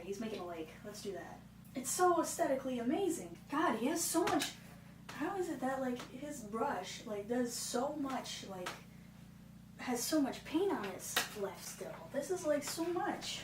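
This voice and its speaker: A woman vlogger giving casual, self-deprecating commentary while painting along, with exasperated asides. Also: fairly high pitch. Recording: echoey room, far from mic, noisy.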